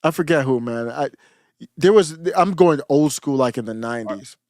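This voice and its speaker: Expressive and moderately paced, this man's mid-range voice has a darkish tone, with no echo and studio-quality sound. As a podcast co-host he reminisces in casual chat, frequently abandoning sentences and starting over.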